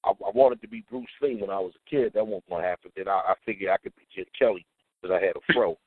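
Chill dude, kinda low voice, sounds like a phone call, no room sound. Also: male voice, quick pace, no echo. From Trenton, New Jersey. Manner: laid-back, often adds "you know what I'm saying" and "man". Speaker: DJ, interview guest. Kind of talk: casual interview chat. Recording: tinny phone-like dry line.

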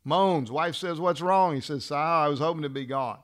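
Guy teaching lawyers, acts out little scenes, slows down on the big words, voice a bit high. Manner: acts out dialogue in a lively storytelling way. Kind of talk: storytelling lecture.

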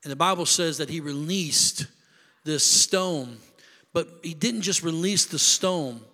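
A man preaching a sermon as pastor, building into shouted preacherly crescendos. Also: a little high, unhurried, in a large hall. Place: church sanctuary.

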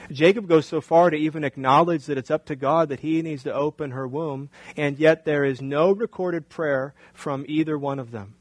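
Man preaching a sermon, higher voice. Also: low-quality recording. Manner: conversational preaching with rhetorical questions. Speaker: pastor.

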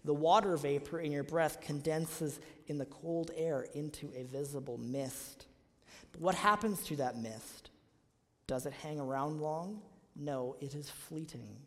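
Long hall reverb surrounds this sermon. The pastor's voice is a little high and he takes his time, pressing his congregation with emphatic rhetorical questions.

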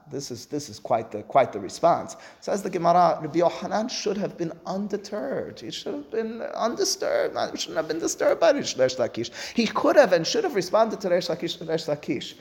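A man teaching a Talmud class, his slightly raised voice leaping up and dropping low as he plays each sage in the argument. He slips Aramaic and Hebrew phrases into his English explanation. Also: big pitch swings, brisk, hardly any pauses. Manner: acts out dialogue between sages with big pitch swings. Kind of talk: animated Talmud lecture.

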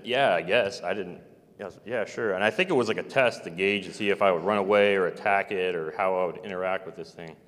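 Man, lowish voice, meandering first-person account with soft chuckles, long hall reverb. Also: a little hiss or hum. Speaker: former navy serviceman recounting an experience.

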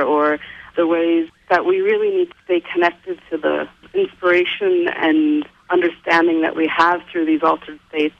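A woman's voice: low-pitched, lo-fi sound. A woman speaking as a guest in a radio interview, talking in an earnest, reflective way.

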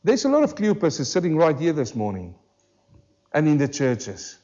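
A pastor preaching a sermon to a church congregation, emphatic and full of rhetorical questions, slowing down hard on key words. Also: male voice, fairly high pitch, huge pitch swings, dark tone, muffled recording. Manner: emphatic, with rhetorical questions and slowed, drawn-out stresses. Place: church service.

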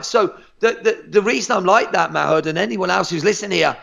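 A martial arts instructor talking on a podcast, energetic and emphatic, swearing freely and tripping over repeated words. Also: male voice, high voice, fairly quick, creaky, highs cut off. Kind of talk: motivational podcast chat.

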